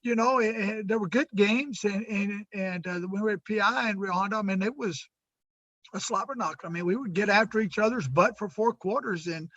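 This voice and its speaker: A middle-aged man from Texas, a high school football coach talking in a rambling, folksy, heartfelt way over a video call. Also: fairly quick, fairly bright tone, no room sound, muffled recording. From West Texas. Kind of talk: casual remote interview.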